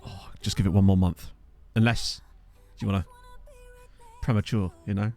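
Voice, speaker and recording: A man's voice: sits low, steady tone, normal speed, gravelly, dark tone, faint music behind. A man chatting casually on a live game stream, self-mocking and laughing often, with hiccups. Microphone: desk USB microphone.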